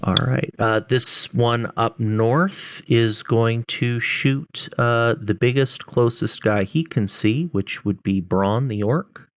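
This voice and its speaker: A man's voice: mid-range voice, slow pace, hardly any pauses, dry recording, highs cut off. A man running a tabletop game as dungeon master, narrating enemy turns with frequent ums and uhs. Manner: hesitant, many fillers.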